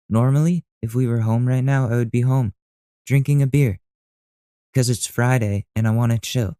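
A man's voice: medium pitch, moderate pace, warm tone, clean tone, no room sound, clean studio sound. A young man hosting a podcast, ranting casually and with exasperation, swearing freely. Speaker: podcast host. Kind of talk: casual rant to camera.

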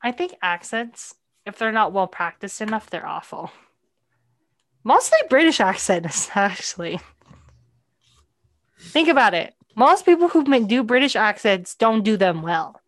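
A woman's voice: mid-range voice, big pitch swings, measured pace, no echo, studio quality. Chatty young woman podcast host. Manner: chatty, lots of "like" fillers. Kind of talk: casual chat about a movie.

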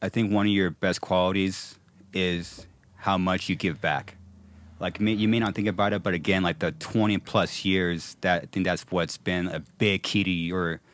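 A man's voice: low-pitched, fairly even intonation, normal speed, fairly bright tone. A male podcast host speaking casually and supportively to his guest. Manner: supportive, brief affirmations.

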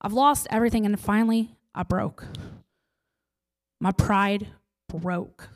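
A woman giving an emotional personal testimony in an earnest storytelling manner, pausing for effect and sometimes dropping to a near-whisper. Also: medium pitch, fairly even intonation. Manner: intense and heartfelt, with dramatic pauses.

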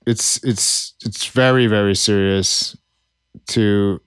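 A man's voice: fairly low pitch, fairly even intonation, takes it slowly, fairly bright tone, clean tone, no echo. A man with a mid-range voice, recorded dry and close with no room sound. He co-hosts a podcast, rambling casually with plenty of swearing and sarcasm. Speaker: podcast co-host.

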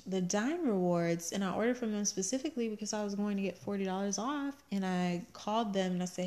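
A pregnant woman co-hosting a casual chat, telling animated stories and laughing often. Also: mid-range voice, quick pace, few pauses. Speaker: podcast co-host.

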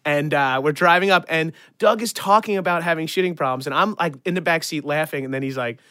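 A man telling a funny story on a podcast, animated, laughing often and leaning on "like" as he talks. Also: a little high, fast talker, no echo, clean studio sound. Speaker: podcast guest. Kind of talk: casual comedic storytelling.

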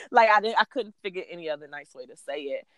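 A woman in her thirties hosting a podcast, telling a personal story in a blunt, profane, animated way. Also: fairly low pitch, fast. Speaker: podcast host. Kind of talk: casual storytelling chat.

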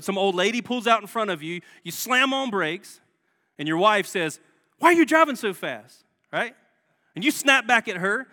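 Man, sermon, bright forceful tone, conversational preaching, reverberant church. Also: sits high. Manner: conversational preaching with rhetorical questions. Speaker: guest pastor. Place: church sanctuary. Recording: long church hall reverb.

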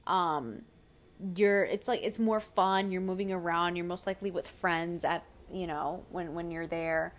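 A woman's voice: lowish voice, a little slow, a little hiss or hum. A young woman hosting her own podcast, telling casual stories full of fillers and restarts. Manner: rambling, animated storytelling with filler words. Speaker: podcast host. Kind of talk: casual solo podcast chat.

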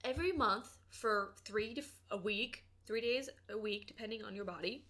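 A woman's voice: mid-range voice, moderate pace. A young woman co-hosting a podcast in casual chat, talking openly and emotionally with many fillers like "like". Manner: emotional, animated, lots of "like". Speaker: podcast co-host.

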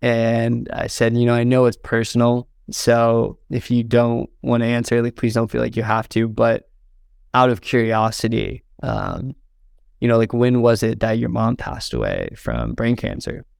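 Earnest young man, gravelly yet smooth. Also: mid-range voice, moderate pace, darkish tone, no room sound, studio quality. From southern Indiana, US. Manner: earnest, fills with "like" and "um", gets choked up. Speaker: interview guest, videographer. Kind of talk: heartfelt storytelling in a podcast interview.

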